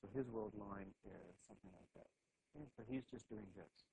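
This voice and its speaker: A man's voice: lowish voice, brisk, creaky, background noise. A man giving a classroom physics lecture at a board, thinking aloud with frequent restarts and "okay"s.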